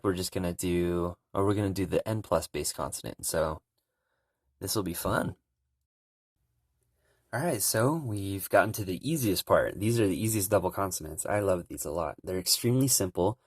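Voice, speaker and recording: A young man giving a relaxed, casual language lesson, calmly explaining pronunciation. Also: sits low, no room sound, clean studio sound. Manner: relaxed, repeats sounds slowly and loudly to demonstrate. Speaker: language teacher.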